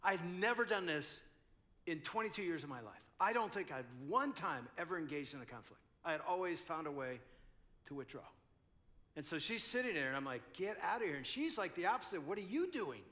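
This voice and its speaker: An older man in his sixties gives a conference talk, spinning an animated, self-deprecating story. His voice sits high for a man and rings bright and forward. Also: a little fast. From United States. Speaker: conference speaker. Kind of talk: storytelling talk to a live audience.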